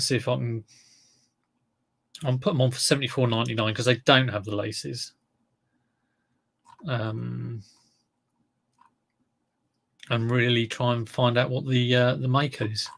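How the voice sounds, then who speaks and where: A man's voice: medium pitch, steady tone, moderate pace, creaky, pauses often. A man hosting a casual reseller livestream, chatting to viewers in a rambling way while he handles and lists items.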